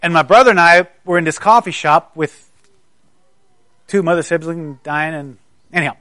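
A middle-aged man from South Carolina preaching a sermon in a higher-pitched voice. He tells stories in a casual, conversational way with stammering restarts. The sound is dry and close. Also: normal speed, pushed and bright, no echo.

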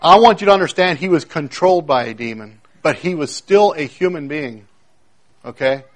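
A man preaching a sermon, emphatic, repeating key phrases and swinging between loud declarations and hushed moments. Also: a little high, lively intonation, normal speed. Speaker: pastor.

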